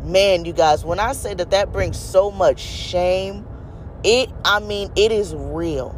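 Taking it slowly in a mid-range voice, a preacher gives a fervent devotional talk over slight background noise. Phrases come back again and again for emphasis as he addresses the audience directly with "y'all" and "you guys."

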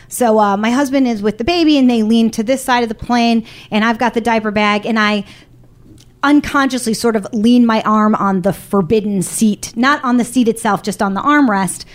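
A woman telling a comic personal story to a live audience, animated, blunt and profane, with a self-mocking edge. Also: a little high.

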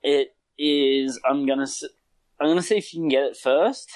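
A man's voice: medium pitch, moderate pace, dry recording, rough recording. A man in casual chat with a friend, laughing often and acting out quotes with some swearing.

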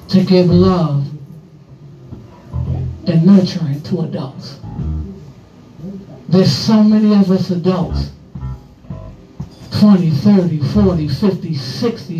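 A man preaching a sermon as pastor, drawing out his phrases slowly and at times half-singing them. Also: high-pitched. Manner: slow, drawn-out preaching that swells into sung phrases. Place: church sanctuary. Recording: echoey, distant, dull church sound. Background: guitar music.

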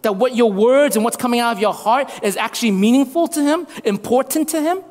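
A man's voice: very high voice, fairly quick, a little mellow. A man in his thirties preaching a sermon as a pastor, repeating lines for emphasis. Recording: long reverb of a hall.

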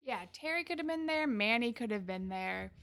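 Chatty young woman with a higher voice. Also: animated, moderate pace, fairly bright tone. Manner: chatty, retells scenes with quoted dialogue. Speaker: podcast co-host. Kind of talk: casual recap chat.

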